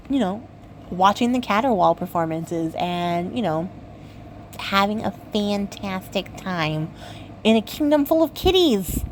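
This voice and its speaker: A woman's voice: medium pitch, a little mellow, a little hiss or hum, low-quality recording. Chatty young woman retelling a fairy tale. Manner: chatty, filler-heavy, playful. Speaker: craft channel host. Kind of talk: casual story retelling.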